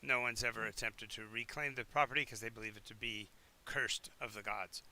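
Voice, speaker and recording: A man narrating as game master of a tabletop game on a live stream, explaining the world in a halting way with many restarts. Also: on the low side, fairly even intonation, sharp tone. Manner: halting, with many restarts and fillers while checking the map.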